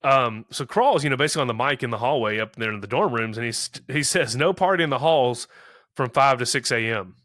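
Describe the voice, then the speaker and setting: A man's voice: mid-range voice, sharp tone, no room sound, studio quality. A man in his thirties co-hosting a podcast, recapping a movie in casual chat, rambling with lots of fillers and acting out quotes. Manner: rambling, many "you know" fillers, acts out quotes. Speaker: podcast co-host.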